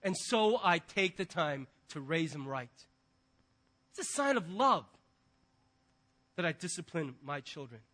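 A middle-aged man, a pastor, preaching a sermon and telling stories with animated quoted voices. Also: fairly high pitch, a little slow, long pauses.

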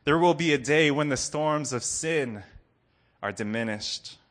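A man preaching a sermon to a congregation, earnest, dropping to soft low lines and rising to loud ones. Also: unhurried. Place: room with a congregation.

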